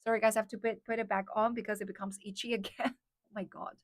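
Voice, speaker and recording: A woman's voice: mid-range voice, flat delivery, fast, no room sound, studio quality. A woman whose first language is Chinese, hosting a casual livestream and chatting with viewers, with lots of "like" and "um" fillers. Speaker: livestream host.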